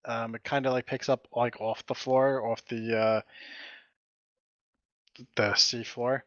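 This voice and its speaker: A man narrating as game master in a streamed tabletop game. He talks in a mid-pitched voice, halting, with frequent fillers and self-corrections. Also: little pitch movement, fairly bright tone, no room sound, muffled recording. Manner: halting, with many fillers and restarts.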